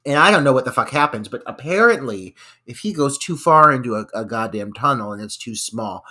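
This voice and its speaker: A man's voice: mid-range voice, animated, brisk, bright, forceful tone. A man co-hosting a podcast, ranting in exasperation about a film scene, swearing and laughing. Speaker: podcast co-host. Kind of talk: casual film review chat.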